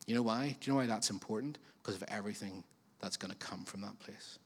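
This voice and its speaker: A man's voice: fairly low pitch, quick pace, husky. Male pastor preaching in an echoing hall. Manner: conversational, animated preaching with asides to the congregation. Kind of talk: sermon. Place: church auditorium. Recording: long reverb of a church hall.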